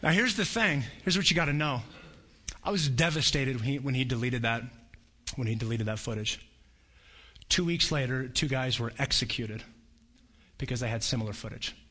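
A man preaching a sermon, telling a personal story with animated storytelling and acting out voices. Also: medium pitch, normal speed, long pauses. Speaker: pastor.

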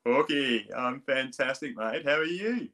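A man's voice: medium pitch, expressive, unhurried, a bit bright. A middle-aged man with a strong Australian accent, a swim coach chatting as a guest, rambling with many restarts. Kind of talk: casual interview chat.

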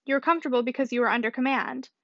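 A woman's voice: sits high, rapid-fire, no room sound, close to an everyday voice. A woman reading the part of a witty, self-assured young lady with an arch, playful manner. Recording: dull dry audiobook recording.

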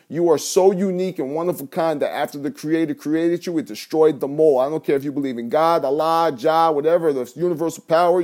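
A man hosting a solo podcast, telling a story with lively mimicked sound effects and ending with a motivational send-off. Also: a little high. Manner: motivational sign-off. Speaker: podcast host.

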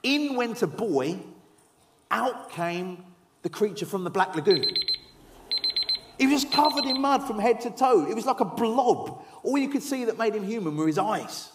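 A man in his forties preaching a sermon, telling stories with humour and dropping to soft, earnest tones. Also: high-pitched, expressive, moderate pace, slight background noise. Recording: echoey hall.

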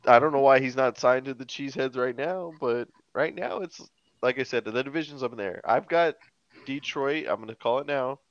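Smooth-voiced guy joking around on a sports podcast, dry kinda muffled mic. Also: medium pitch, a little fast, no room sound. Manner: joking, loose and opinionated. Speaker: podcast co-host. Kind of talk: casual sports podcast chat.

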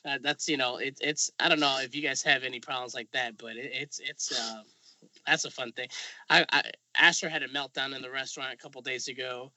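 A man co-hosting a podcast, chatting casually with halting restarts, peppering his talk with "man" and "dude". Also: medium pitch, steady tone, bright, forceful tone, dry recording. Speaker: podcast co-host. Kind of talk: casual chat. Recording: dry, dull lo-fi podcast audio.

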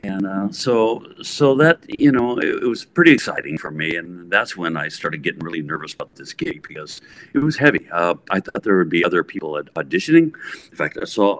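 A man in his sixties from the Bay Area, a rock guitarist telling a story in a casual interview, lively and full of fillers. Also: deep voice, a little hiss or hum. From San Francisco Bay Area, USA. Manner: animated, acts out voices, lots of fillers.

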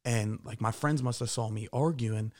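A man's voice: medium pitch, moderate pace. A man in a casual podcast chat telling rambling stories with many fillers and swearing.

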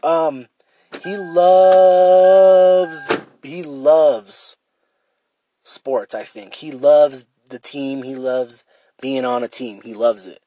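A man's voice: fairly high pitch, steady tone, very slow, mellow, no room sound. A man in his thirties hosting a solo podcast, rambling and self-deprecating, swearing often and repeating himself as he talks. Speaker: podcast host. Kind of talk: casual solo podcast rant.

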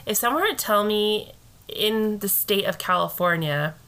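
A woman's voice: mid-range voice, normal speed, bright, forceful tone. An American woman co-hosting a casual true-crime podcast, rambling and hedging, with some swearing. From United States. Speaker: podcast co-host.

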